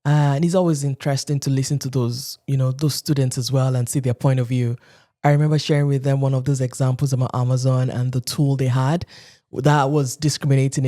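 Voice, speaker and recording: A woman from Nigeria in her thirties, telling stories as a podcast guest and acting out quotes in animated voices. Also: rumbling low. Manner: animated storyteller who acts out quotes, often laughing. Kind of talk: casual interview talk.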